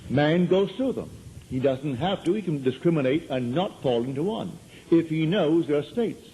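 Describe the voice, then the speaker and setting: A man's voice: fairly high pitch, lively intonation, moderate pace, warm tone, a little hiss or hum, poor audio. A man giving a spiritual lecture to an audience, telling stories in a conversational way and driving points home by repeating them. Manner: conversational storytelling, emphatic repetition. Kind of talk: metaphysical lecture to a live audience.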